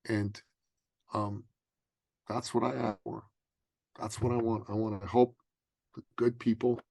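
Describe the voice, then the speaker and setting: A middle-aged man, a business coach interviewed as a guest, telling a story with animated, dramatic emphasis. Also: lowish voice, unhurried, creaky, no room sound.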